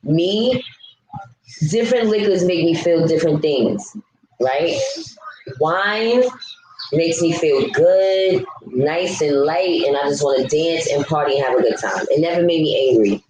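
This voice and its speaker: A woman's voice: low voice, unhurried, a little mellow. A woman chatting casually with her viewers on a live stream, blunt and ranting, answering comments as she goes. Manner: blunt, ranting, talks back to chat. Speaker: vlogger. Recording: echoey room with faint background hum.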